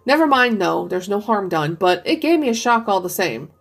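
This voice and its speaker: A woman's voice: mid-range voice, very animated, moderate pace, husky, soft background music. A woman voicing an older man in a story reading, curious and eager in his questions. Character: curious, eager old father at home.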